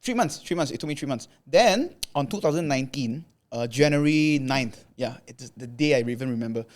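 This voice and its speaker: In a brisk, mid-range voice, a young content creator from Malaysia guests on a podcast. He loosely retells a long story with heaps of filler words and lively, acted-out quotations.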